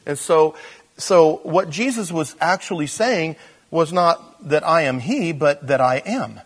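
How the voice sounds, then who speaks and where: A man preaching a sermon as pastor, in a conversational way with fillers and restarts, moving between quiet intensity and animated emphasis. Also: on the high side, unhurried.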